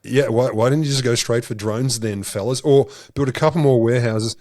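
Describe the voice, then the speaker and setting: An Australian man co-hosting a science podcast, telling stories in an animated, sardonic way with swearing. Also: mid-range voice, brisk, no echo, studio quality. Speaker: podcast co-host. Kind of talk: casual comedic science chat.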